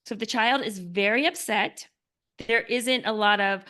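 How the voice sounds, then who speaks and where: A woman author talking earnestly as a podcast guest, often filling with "like" and dropping to a soft hush when describing calm. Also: fairly high pitch, moderate pace. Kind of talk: podcast interview.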